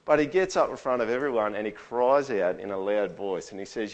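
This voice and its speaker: A man preaching a sermon to his church. He swings from near-whispers to loud, booming scripture quotes and often asks the room to answer back. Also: expressive, fairly quick, highs cut off. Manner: asks the congregation for agreement. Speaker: pastor. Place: church hall with live sound. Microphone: stage microphone through a sound system.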